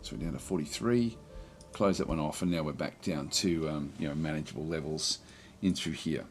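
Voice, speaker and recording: Deep-voiced man narrating a strategy game. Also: a little hiss or hum. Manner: thinking aloud, halting with fillers and restarts. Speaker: game commentator. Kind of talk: strategy game let's play commentary.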